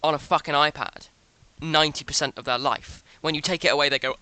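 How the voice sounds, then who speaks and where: A man's voice: a little high, fairly even intonation, fairly quick, few pauses, pushed and bright, no echo. Profane ranting man. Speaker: reaction video host. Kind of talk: ranting commentary.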